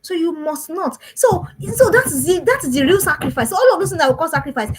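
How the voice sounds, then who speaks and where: A woman's voice: sits high, lively intonation, a little fast, hardly any pauses, fairly bright tone, low-quality recording. A woman, a parenting coach giving an emphatic talk to parents and repeating phrases for stress.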